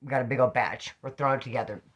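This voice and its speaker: A middle-aged man telling rambling, slang-filled prison stories in a casual, animated way, a little tipsy. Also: medium pitch, rapid-fire, lo-fi sound. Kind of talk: casual storytelling to camera.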